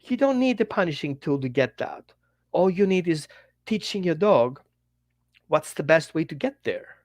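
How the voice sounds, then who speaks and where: A man dog trainer giving an animated teaching talk straight to the viewer, in slightly non-native English, acting out little quotes as he goes. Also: a little high, moderate pace, dry recording. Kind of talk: direct-to-camera teaching talk.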